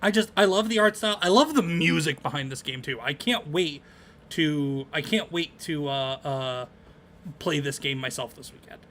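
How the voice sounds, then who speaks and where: A man co-hosting a casual podcast about games, with a bright, forward voice. He rambles and fills gaps with um and uh. His pitch sits a little high for a man. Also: normal speed. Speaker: podcast co-host.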